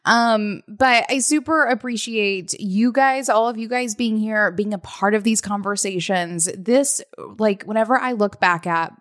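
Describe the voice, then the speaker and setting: This is a woman co-hosting a podcast in a casual, chatty way, often softening what she says with "sort of". Her voice sits in a middle range for a woman. The sound is dry and close, with no room around it. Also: mid-range voice, measured pace, few pauses, dry recording. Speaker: podcast co-host.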